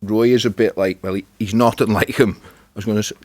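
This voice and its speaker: Brisk and darkish, this man's voice sits on the low side with a steady tone and no room sound. A Scouse spoken word performer from Liverpool, he chats casually as a podcast guest in a recording studio, relaxed and frequently trailing off.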